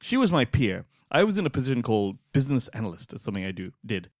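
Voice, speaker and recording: A man in his forties co-hosting a podcast in casual chat, animated, with loud outbursts and free swearing. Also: medium pitch, fast talker, no echo. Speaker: podcast co-host.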